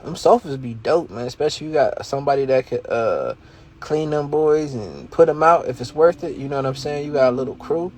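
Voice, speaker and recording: A man's voice: mid-range voice, a little fast. A man hosting a casual livestream, talking in a slangy, streetwise, motivational way and laughing often. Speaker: livestream host, reselling coach.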